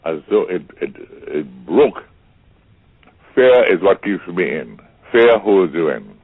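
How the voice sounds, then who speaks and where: A man's voice: low voice, very animated, takes it slowly, no echo. An older man from Trinidad, a guest telling stories in a theatrical way, repeating words and acting out the voices of people he quotes. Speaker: interview guest. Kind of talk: storytelling conversation. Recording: tinny phone-like line, dry.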